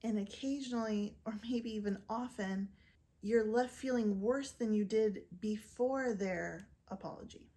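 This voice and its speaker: A woman presenting a scripted educational talk to camera, explaining clearly and measuredly, now and then voicing example quotes. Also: medium pitch, a little slow, warm tone. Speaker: physician and narcissistic abuse educator.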